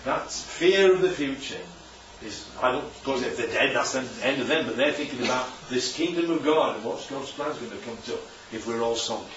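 A man's voice: mid-range voice, lively intonation, normal speed, fairly bright tone, a little hiss or hum. A man leading an interactive sermon as a preacher, checking in with his listeners after nearly every point. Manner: constantly checks in with "right?". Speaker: preacher leading a Bible study. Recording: echoey room, distant dull mic.

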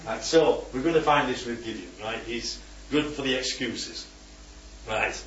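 A man's voice: mid-range voice, a little slow, fairly bright tone, a little hiss or hum. Man leading a Bible study, keeps asking the group questions, dull distant recording, roomy sound. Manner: keeps checking in with "right?" and "yeah?". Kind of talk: teaching a group discussion. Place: room with a small group.

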